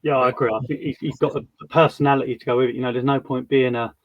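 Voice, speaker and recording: A man's voice: mid-range voice, fairly even intonation, rapid-fire. A man hosting a podcast, chatty, asking long wind-up questions. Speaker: podcast host. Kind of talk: casual interview chat. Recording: dull dry lo-fi sound.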